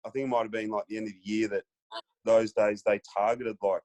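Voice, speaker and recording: A man with an Australian accent, a former footballer telling stories as a podcast guest in a relaxed way, with lots of fillers. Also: fairly low pitch, fairly quick. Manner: laid-back storyteller, many fillers, acts out quotes. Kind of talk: casual storytelling chat.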